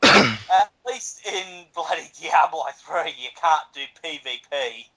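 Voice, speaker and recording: A man's voice: on the high side, expressive, takes it slowly, pushed and bright, low-quality recording. Een man die als medepresentator kortaf en bot over games praat en losjes vloekt. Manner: blunt, terse, swears casually. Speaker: podcast co-host. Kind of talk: casual gaming podcast chat.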